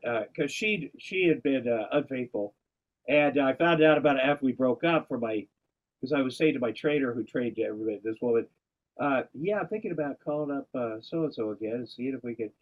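A man talking in a casual, rambling way, wandering off on tangents and restarting his sentences. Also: medium pitch. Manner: rambling, digressive, many restarts. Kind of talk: casual conversation. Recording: dull, lo-fi sound.

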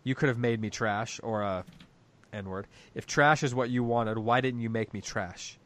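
A man's voice: medium pitch, steady tone, normal speed, fairly bright tone, close to an everyday voice. A man reading aloud the lines of a proud, indignant older woman from a story, voicing her as she rails at God. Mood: railing.

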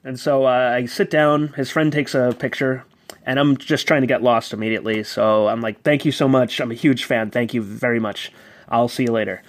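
A man in his thirties from New York telling a casual, animated personal story and acting out quoted voices. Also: mid-range voice, moderate pace, no echo. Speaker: guest storyteller. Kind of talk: casual anecdote.

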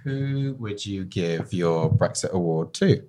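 A man's voice: low voice, slow. A young man co-hosting a podcast, opening the show casually with jokes. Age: young adult. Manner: animated, joking. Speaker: podcast co-host. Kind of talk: casual chat.

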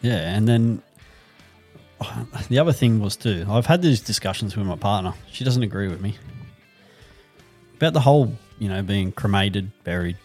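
Co-host, young Aussie guy, low-pitched, relaxed and sweary. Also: normal speed, soft background music. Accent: Australian. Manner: laid-back, swears a lot, laughs often. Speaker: podcast co-host. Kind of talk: casual chat.

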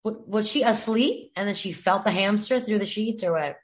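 A woman's voice: mid-range voice, normal speed. A woman co-hosting a podcast in casual chat, reacting with gasps and casual swearing. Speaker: podcast co-host.

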